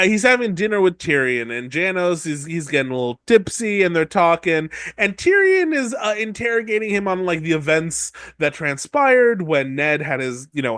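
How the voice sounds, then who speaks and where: A man co-hosting a podcast, recapping a book chapter in a jokey, animated way and slipping into quick voices for the characters. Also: sits high, no echo, clean studio sound. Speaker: podcast co-host.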